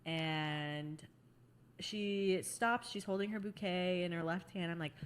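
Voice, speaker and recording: A woman's voice: on the low side, slow, slight background noise. A woman, a podcast host and wedding photographer, telling a story in a laid-back, casual chat. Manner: laid-back anecdotal delivery.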